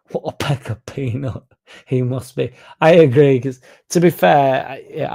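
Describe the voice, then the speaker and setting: A man's voice: medium pitch, vocal fry, a little mellow. A man hosting a casual football fan livestream, reading chat comments and rambling with frequent swearing. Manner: swears freely, rambles, mocks critics in a raised put-on voice. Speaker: fan channel host reading live chat.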